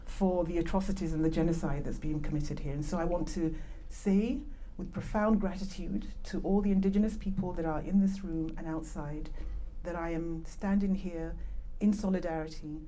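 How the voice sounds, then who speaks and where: A woman's voice: fairly low pitch, steady tone, moderate pace, few pauses, warm tone, a little hiss or hum. A woman with a British accent who was born in Nigeria gives an earnest conference talk. She speaks into a microphone in a conference room and makes chatty asides about it. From born in Nigeria, raised in Britain. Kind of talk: conference presentation. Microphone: handheld or clip-on microphone.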